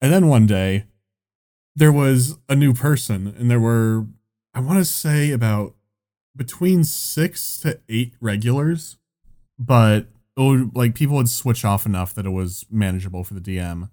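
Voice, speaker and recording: A man's voice: medium pitch, unhurried, mellow. A man telling a long casual anecdote, rambling with lots of "like" and swearing. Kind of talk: casual chat.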